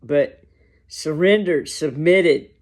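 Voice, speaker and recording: Slow, pausing man chatting over lunch. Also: on the high side. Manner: slow, reflective, halting, with long pauses. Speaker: vlogger. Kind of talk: casual talk to camera while eating lunch.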